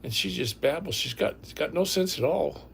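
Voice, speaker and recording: A man's voice: on the high side, animated, moderate pace, creaky, fairly bright tone, a little hiss or hum. An older man hosting a casual livestream from home, talking bluntly and rambling, often repeating himself. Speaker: livestream host.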